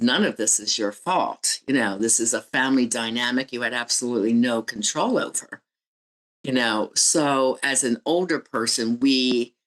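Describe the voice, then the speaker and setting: A woman's voice: rumbling low, poor audio. Candid woman sharing personal stories. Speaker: guest, relationship coach and author. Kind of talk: podcast interview storytelling.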